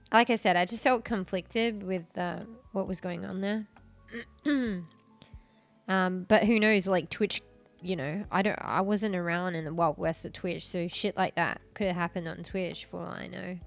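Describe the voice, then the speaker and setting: A woman's voice: on the low side, a little slow, vocal fry, soft background music. A woman streamer chatting casually with her viewers, rambling with lots of fillers and restarts, her throat sore and coughing.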